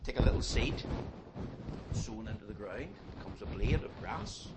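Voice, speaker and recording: A man preaching an evangelistic sermon, emphatic and repeating words as he builds, swinging between loud and soft passages. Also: fairly low pitch, animated, unhurried. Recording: loud background noise.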